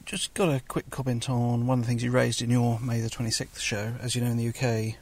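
A man's voice: medium pitch, flat delivery, brisk, a little mellow. A man leaving a casual, argumentative voicemail comment for a podcast. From England. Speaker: caller.

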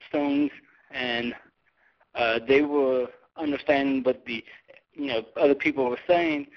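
A man from North Carolina leaving a hesitant voicemail question, full of pauses. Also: medium pitch. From North Carolina, USA. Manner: hesitant, many ums and uhs. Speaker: caller. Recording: muffled voicemail line.

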